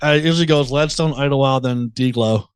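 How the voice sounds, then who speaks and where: A man co-hosting a sports podcast in casual chat, relaxed and fond of sports analogies. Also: mid-range voice, fast, clear, resonant tone, no room sound. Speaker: podcast co-host.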